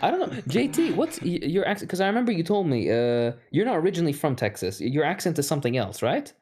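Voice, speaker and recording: A man's voice: a little high, very animated, fast, darkish tone, slight background noise. Giggly man with an English accent. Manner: swears freely, giggly, trails off with fillers. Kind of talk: casual chat.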